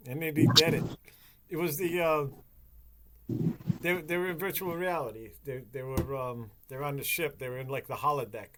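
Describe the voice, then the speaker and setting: A man's voice: on the high side, moderate pace, very noisy. Profane rambling man telling stories. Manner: rambling, profane, animated storytelling. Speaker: podcast host. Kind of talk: casual chat.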